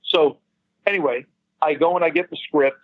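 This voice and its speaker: Husky-voiced man telling a story. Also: on the high side, normal speed, no echo, phone-quality sound. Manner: chatty storyteller, swears freely, laughs at his own punchlines. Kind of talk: casual anecdote over a call.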